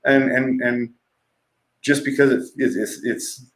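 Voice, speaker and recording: A man's voice: medium pitch, fairly even intonation, takes it slowly, a bit bright. A middle-aged man, a podcast guest, telling candid and profane personal stories in a casual conversation, laughing often. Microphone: livestream podcast mic.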